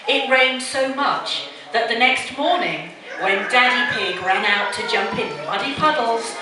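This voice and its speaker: A woman reading a children's storybook aloud to a child in an animated way, putting on voices for the characters. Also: a little high, measured pace, crowd noise. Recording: echoey room, distant mic, background noise.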